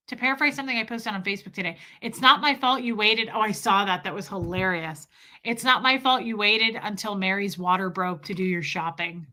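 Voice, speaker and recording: A woman's voice: medium pitch, pushed and bright. A middle-aged woman hosting a casual live stream, chatty and laughing as she reads viewer comments aloud. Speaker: livestream host reading chat.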